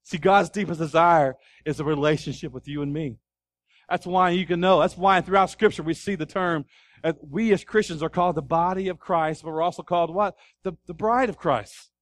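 A man preaching a sermon as pastor, animated, asking the congregation questions and acting out scenes. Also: on the high side, brisk, no echo, studio quality. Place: church.

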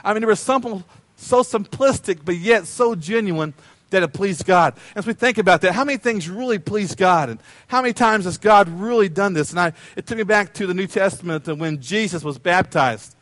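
A man's voice: sits high, fairly quick, a bit bright, no room sound. A man preaching a sermon as a pastor, conversational and playful, often repeating his phrases.

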